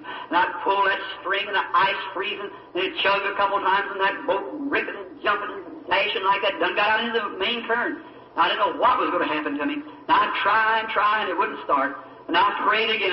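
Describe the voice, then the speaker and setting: A man's voice: high-pitched, steady tone, fairly quick, recorded from a distance. A male preacher giving a sermon with personal testimony, telling his story fervently and asking the congregation for agreement. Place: church or meeting hall. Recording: old echoey hall recording from afar, dull with faint hiss.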